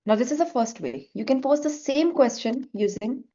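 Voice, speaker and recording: A woman's voice: a little high, expressive, normal speed, dark tone. A middle-aged woman teaching French in an online class, switching between English and French. She explains step by step, patiently. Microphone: video call. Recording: slightly dull lo-fi call audio.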